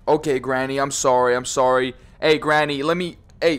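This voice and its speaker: A man's voice: mid-range voice, steady tone, normal speed, few pauses, soft background music. A young man commenting on a horror VR game, joking, swearing and teasing, often saying bro. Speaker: gaming YouTuber.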